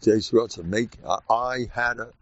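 A man with an American accent, a rabbi giving an informal, animated Purim talk full of stories and sudden shouts. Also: medium pitch, a little slow, dry recording, dull audio.

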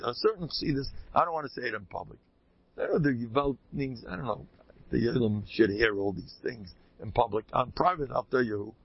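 Rabbi giving an informal talk: husky man, lively swooping delivery, folksy asides, dull lo-fi tape. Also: no echo. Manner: animated, jumps into high pitch for emphasis, folksy asides. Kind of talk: informal Torah talk to a live audience. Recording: dull lo-fi recording.

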